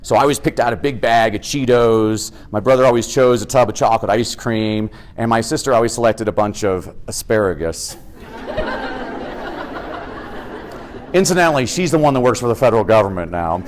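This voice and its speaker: A middle-aged American man giving an energetic, humorous keynote talk as an education speaker. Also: medium pitch, moderate pace, a crowd in the background, background noise. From United States. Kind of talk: keynote speech.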